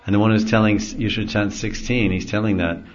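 A middle-aged spiritual teacher gives an easygoing devotional talk, chuckling often as he explains. His lowish voice is steady and fast, captured on a dull lo-fi recording.

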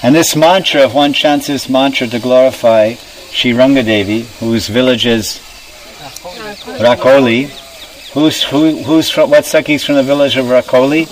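A man's voice: medium pitch, fairly even intonation, normal speed. A man giving a devotional class, explaining terms and asking his listeners questions. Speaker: spiritual teacher. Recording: distant mic, faint background noise.

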